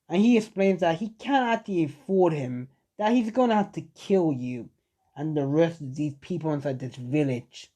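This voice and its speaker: A man casually narrating a fan-made story. He rambles, leans on fillers, and talks straight to his viewers. His voice sits somewhat high for a man. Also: normal speed, warm tone.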